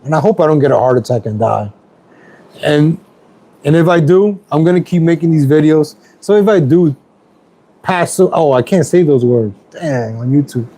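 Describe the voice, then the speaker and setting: A man's voice: on the high side, expressive, normal speed, mellow, low-quality recording. Rambling angry man streaming at home. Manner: rambling, angry, repeats himself. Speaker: YouTube streamer. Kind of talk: casual political rant stream.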